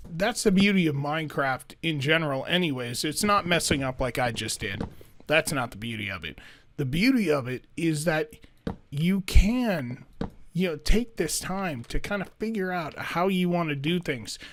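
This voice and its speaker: A man's voice: on the high side, animated, moderate pace. A man giving let's play commentary as he builds, thinking aloud and talking to himself as he goes. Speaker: gaming YouTuber.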